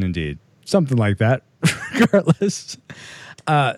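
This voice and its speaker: A man's voice: mid-range voice, warm tone, dry recording. A man hosting a movie podcast, mixing casual joking chat with read-out segment intros. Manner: playful, jokey, reads segment intros. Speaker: podcast host.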